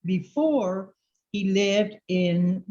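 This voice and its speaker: Halting student reading slowly. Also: mid-range voice, lively intonation, dark tone, muffled recording. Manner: halting, restarts while reading. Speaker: student reader.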